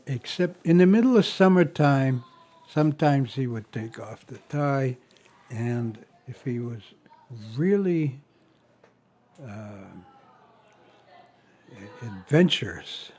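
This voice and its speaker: A man's voice: medium pitch, warm tone. An older man tells family stories in a rambling way, chuckling often and stopping to restart. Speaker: family member sharing memories. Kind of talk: casual storytelling.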